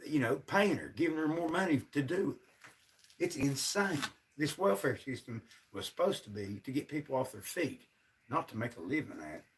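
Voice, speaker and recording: A man's voice: fairly high pitch, far from the mic. A man, ranting to his viewers on a casual livestream, sounding frustrated and fed up. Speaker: livestream host.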